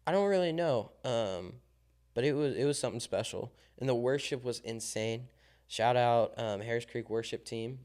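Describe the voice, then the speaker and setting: A young man from Southern Illinois, co-hosting a podcast in casual chat, telling a lively story full of ums and likes. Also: mid-range voice, normal speed. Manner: animated storyteller, acts out quoted dialogue, many ums and likes. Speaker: podcast co-host.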